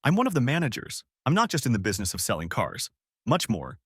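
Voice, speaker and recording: A man's voice: mid-range voice, wildly swooping pitch, fast, husky, no echo, studio quality. A man voicing a touchy car dealership manager who speaks in a guarded, careful way. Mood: resentful. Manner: guarded, then harsh through clenched teeth.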